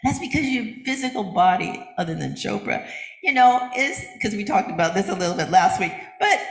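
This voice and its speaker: An older woman minister giving a chatty, animated sermon, often laughing and acting out what other people say. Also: medium pitch, fairly quick. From United States. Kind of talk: conversational sermon. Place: church sanctuary. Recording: roomy church echo.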